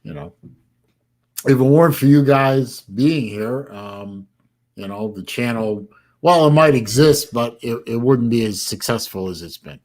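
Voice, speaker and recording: A man's voice: medium pitch, a little slow, darkish tone. An older man from Florida hosting a casual livestream, rambling with many fillers and sounding tired. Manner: tired, yawning. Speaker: livestream host. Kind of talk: casual live-stream chat.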